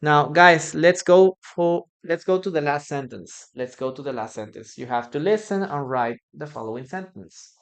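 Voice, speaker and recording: Here a Peruvian teacher, a native Spanish speaker with a Peruvian Spanish accent, leads a live online English class at normal speed with hardly any pauses. The medium-pitched voice is animated. Repetition is used to drill pronunciation, and viewers hear plenty of thanks.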